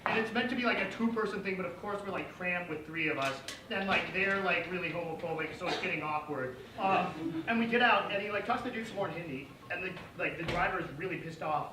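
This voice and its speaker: Young guy telling a funny swearing story on stage, kinda high voice, echoey hall, mic far off, noisy. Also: quick pace, hardly any pauses. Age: young adult. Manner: casual, profane, laughing often. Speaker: student performer. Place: auditorium stage with an audience.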